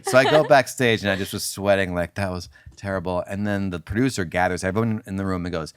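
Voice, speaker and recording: A man's voice: low-pitched, quick pace, hardly any pauses, smooth, no echo, studio quality. A middle-aged male comedian telling a self-deprecating anecdote as a guest, acting out the lines he quotes. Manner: lively storyteller, self-deprecating, acts out quotes.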